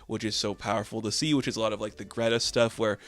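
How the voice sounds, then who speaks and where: A man's voice: lowish voice, fairly even intonation, fast. A man giving a casual spoken review of a TV season, chatty and earnest with lots of fillers.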